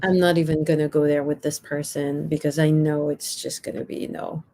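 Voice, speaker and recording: A woman from Belgium joins a livestream by video call and chats casually. She often hesitates and restarts her sentences, speaking in a somewhat low voice. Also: level tone, normal speed, warm tone. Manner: hesitant, many fillers and restarts. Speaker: livestream guest. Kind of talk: casual chat.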